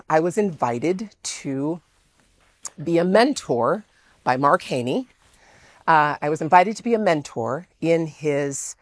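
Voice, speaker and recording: Woman speaker, lower-pitched, lively, dry close sound, animated storyteller. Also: dry recording. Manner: animated, exclaims often, acts out quoted dialogue. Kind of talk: storytelling talk to an audience.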